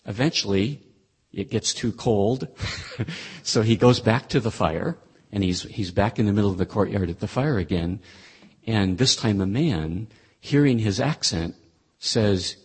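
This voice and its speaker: A man with a low, husky voice teaches a Bible lesson. He talks it through conversationally, pausing and restarting as he thinks. His delivery stays plain and explanatory. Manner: thoughtful, conversational, with frequent restarts. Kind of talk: explaining a scripture passage.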